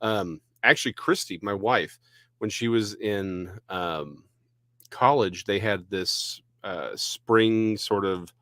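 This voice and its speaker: A man from Texas co-hosting a podcast, chatting casually with hesitant restarts that break into quick bursts. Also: lowish voice, a bit bright, dry recording, clean studio sound. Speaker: podcast co-host. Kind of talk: casual chat.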